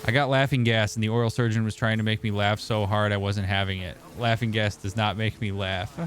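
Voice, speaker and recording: Reading chat during a casual gaming stream, a young therapist speaks fairly quickly with few pauses, answering viewers by name. His voice is lowish with a steady tone.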